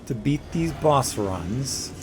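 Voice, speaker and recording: A man's voice: mid-range voice, expressive, takes it slowly, background noise. A man giving casual, jokey let's play commentary, talking to the boss as he fights it. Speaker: gaming video creator. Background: game music.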